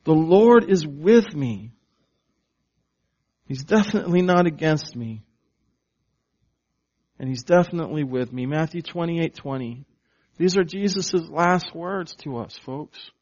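Man, pastor preaching, slow emphatic delivery, call-and-response questions, muffled lo-fi recording. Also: on the high side, lively intonation, darkish tone. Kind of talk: sermon.

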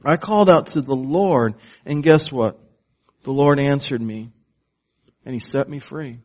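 A man preaching a sermon, slow and emphatic, asking the congregation questions and waiting for answers. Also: medium pitch, darkish tone, lo-fi sound. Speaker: pastor.

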